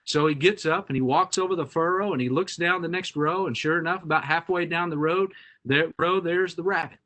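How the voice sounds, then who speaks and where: A man with a bright, somewhat high voice gives a keynote talk. He tells a fable in an animated way before moving into his main point. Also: brisk. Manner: animated storyteller. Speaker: executive director and featured speaker.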